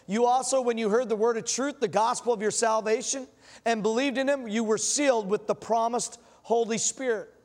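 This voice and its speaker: A man preaching a sermon in a church, telling folksy stories and asking the congregation questions. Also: very high voice. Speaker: pastor. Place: church sanctuary. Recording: long hall reverb.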